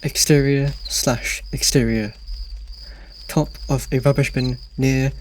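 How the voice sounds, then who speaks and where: A man's voice: medium pitch, fairly even intonation, slow pace, a little hiss or hum. A man reading a screenplay's scene directions aloud in a dry, matter-of-fact way. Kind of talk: scripted narration of scene directions.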